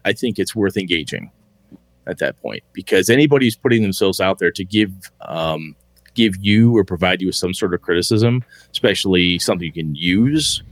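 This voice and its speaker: A man's voice: on the low side, dry recording. A man hosting a casual podcast about tabletop gaming, talking candidly, swearing freely and laughing often. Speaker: podcast host.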